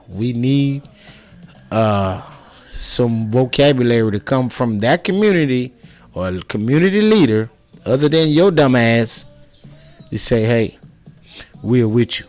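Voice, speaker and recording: A man giving impassioned personal commentary, heated and profane, with many restarts and repeated words. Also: medium pitch.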